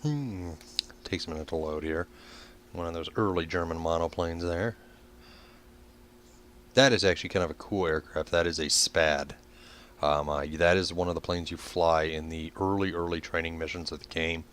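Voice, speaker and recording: A man giving relaxed commentary on a flight game as he plays it, explaining menus with many ums and uhs. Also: low-pitched, normal speed, slight background noise. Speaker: gameplay video host. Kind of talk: casual gameplay commentary.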